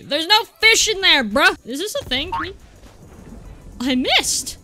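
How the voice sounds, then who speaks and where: A woman giving excitable gameplay commentary, yelping, shouting and mock-raging at the game. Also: extremely high pitch, measured pace, pauses often, faint music behind. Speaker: gaming YouTuber.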